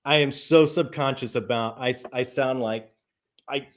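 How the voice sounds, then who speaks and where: A man chatting as a guest on a book live stream, enthusiastic and halting, with many restarts. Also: medium pitch, steady tone. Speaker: guest, fellow book reviewer. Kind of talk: casual live-stream chat.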